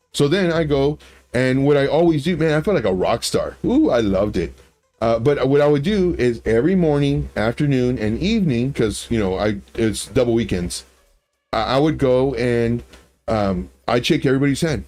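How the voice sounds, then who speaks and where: A man's voice: mid-range voice, normal speed, darkish tone, faint music behind. A man hosting a casual livestream, rambling through stories with many restarts. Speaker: livestream host.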